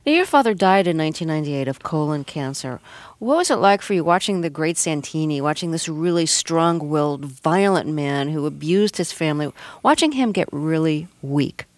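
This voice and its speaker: A woman's voice: low voice, expressive, moderate pace, no room sound. A woman radio interviewer asking probing, conversational questions.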